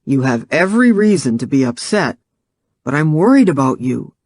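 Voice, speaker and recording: A man's voice: a little high, big pitch swings, normal speed, darkish tone, dry recording. A man playing a protective, jealous young fiancé. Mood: concerned. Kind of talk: audiobook character voice.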